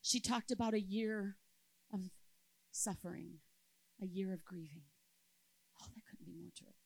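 A woman in her fifties giving a sermon at a church camp, telling a personal story and moving between loud emphasis and soft, quiet passages. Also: medium pitch, measured pace, slightly rough, dry recording, low-quality recording.

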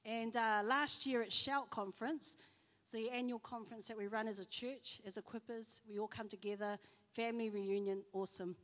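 A woman with a New Zealand accent gives a sermon in a fairly high voice. She tells personal stories and acts out each side of the conversations. Her voice rings with the long reverb of a church hall. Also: steady tone, normal speed, a bit bright. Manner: storytelling, acting out dialogue. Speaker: preacher.

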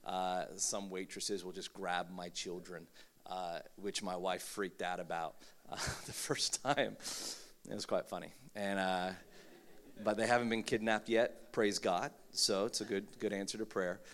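A man's voice: sits low, little pitch movement, measured pace, fairly bright tone. A man in his thirties preaching a sermon, joking and mocking himself, with many fillers and restarts. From Philippines. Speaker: pastor. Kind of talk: humorous sermon.

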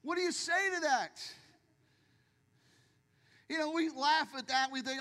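An older pastor delivers a sermon from a church stage, telling jokey stories and acting out other people's lines in a high, bright voice. He speaks a little slowly and pauses often, and a large hall's long reverb trails every phrase.

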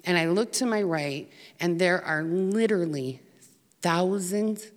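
American woman, low-ish voice, earnest storyteller with fillers, reverberant hall. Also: a little slow. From United States. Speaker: speaker telling of volunteer work. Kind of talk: personal story talk.

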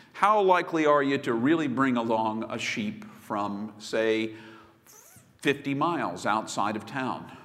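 A man preaching a sermon, telling the story with swings between loud bursts and hushed asides. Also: a little high. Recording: long hall reverb.

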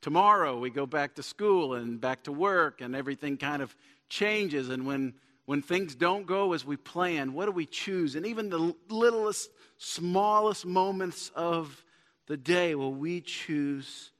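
A pastor with a slightly bright, higher-pitched voice preaches slowly in a church sanctuary. He is earnest and builds toward emphatic points, with a long church-hall reverb on the recording.

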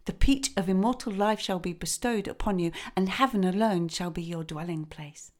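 A woman's voice: medium pitch, moderate pace, close to an everyday voice. A woman voicing the grave male ruler of the underworld, speaking formally and solemnly.

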